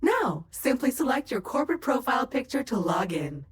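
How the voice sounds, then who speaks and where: A woman's voice: sits high, very animated, moderate pace, a little hiss or hum. A woman voicing a chatty, mildly sardonic female AI assistant in a video game. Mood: wry.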